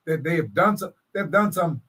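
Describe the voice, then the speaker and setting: Bahamian radio host guy, kinda husky, fumbling for the right word, a bit far off the mic. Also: a little high, expressive, moderate pace, fairly bright tone. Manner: hesitant, searching for words, laughing it off. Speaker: radio talk show host. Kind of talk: live call-in radio debate.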